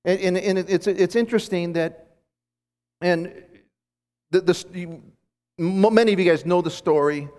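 A man preaches at a conference, his voice sitting a little high for a man. He retells the story with animated restarts and repeated words, and a long reverb trails each phrase in the hall. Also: a little slow, pauses often. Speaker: conference speaker teaching scripture. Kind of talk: sermon.

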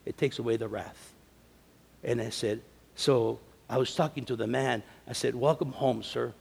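A man's voice: medium pitch, fairly even intonation, normal speed, creaky, slightly rough. Man preaching in a reverberant hall. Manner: conversational, building to loud emphatic preaching. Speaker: conference speaker. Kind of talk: storytelling sermon. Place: men's conference hall. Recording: long reverb of a large hall.

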